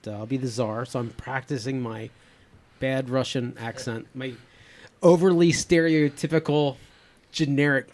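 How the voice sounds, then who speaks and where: A man's voice: mid-range voice, darkish tone. A man in his fifties hosting a podcast, chatting casually with lots of fillers and restarts. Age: 50s. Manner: rambling, many fillers and restarts. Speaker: podcast host. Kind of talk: casual chat.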